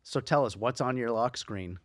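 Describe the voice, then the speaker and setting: A man co-hosting a podcast in casual chat, upbeat and jokey, reading shout-outs. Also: medium pitch, moderate pace, no room sound. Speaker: podcast co-host. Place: podcast studio. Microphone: studio mic.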